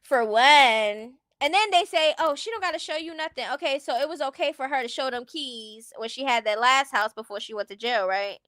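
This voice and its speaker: Brief: high-pitched woman streamer, sassy and blunt, dry close sound. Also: normal speed, hardly any pauses, fairly bright tone, no room sound. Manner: blunt, sassy, laughs often. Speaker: stream host. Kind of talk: casual commentary chat.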